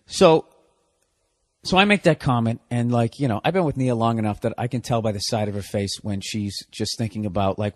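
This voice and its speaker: A man's voice: mid-range voice, animated, moderate pace, no room sound. A man in his forties hosting a solo podcast, ranting with profane sarcasm. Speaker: podcast host.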